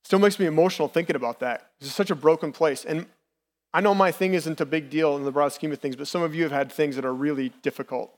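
A man's voice: on the high side, fast talker. Candid man preaching in a reverberant hall. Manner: candid, personal, conversational preaching. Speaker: lay preacher. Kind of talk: sermon.

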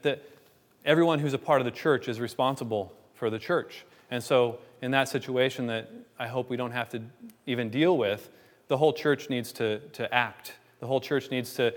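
A man's voice: mid-range voice, fairly bright tone. A man preaching a sermon as pastor, earnest and pleading, often restarting and repeating words. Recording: long hall reverb.

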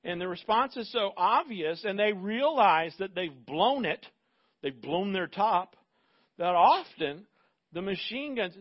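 A man's voice: sits high, lively intonation, measured pace, dull audio. A man preaching a sermon as pastor, conversational and emphatic, with rhetorical asides to the congregation.

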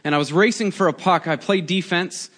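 A man in his forties, a pastor giving a conversational, animated sermon with prayer and storytelling. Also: sits high, fairly quick. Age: 40s.

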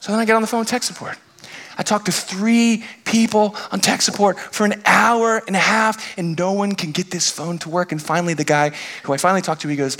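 Bright, animated male pastor. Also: sits high, fairly quick, creaky. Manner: animated, self-deprecating storytelling with acted-out exasperation. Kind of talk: storytelling sermon.

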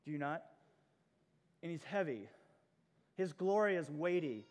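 A man's voice: on the high side, expressive, a little slow. Earnest male preacher in a reverberant hall. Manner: earnest, emphatic preaching with a live demonstration. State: out of breath. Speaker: pastor. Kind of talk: sermon.

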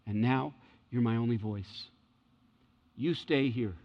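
A man's voice: medium pitch, slow pace. A male pastor preaching a sermon in an earnest, emphatic way, often checking in with his listeners. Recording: dull lo-fi sound with long hall reverb.

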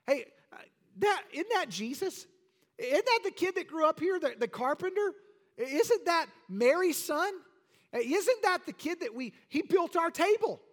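A man's voice: very high voice, very animated, a little slow, long reverb tail, pitched above the performer's own voice, full character voice. A man acting out an astonished, skeptical townsman who fires off incredulous questions.

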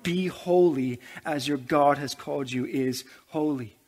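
Man, pastor, church sermon, slightly high voice, fervent delivery. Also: measured pace, few pauses, darkish tone. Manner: preaching with rising intensity and humor asides.

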